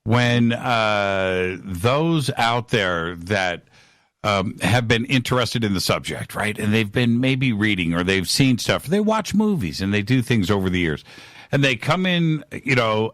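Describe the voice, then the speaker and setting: Low-voiced radio host taking calls. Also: male voice, fairly bright tone, dry recording, clean studio sound. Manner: enthusiastic, rambling. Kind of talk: live call-in radio hosting.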